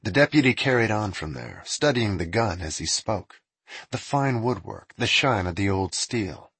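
A man narrating a storybook with an expressive reading. His voice is husky and moves animatedly. The recording is dry and close. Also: lowish voice, normal speed, no echo.

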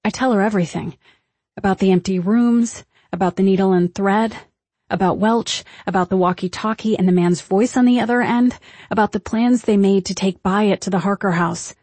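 A woman reads a first-person story aloud with measured, tense pacing. Her voice is husky and breathy. The recording is dry and close, with no room echo. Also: medium pitch, a little mellow. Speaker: audiobook narrator. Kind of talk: first-person audiobook narration.

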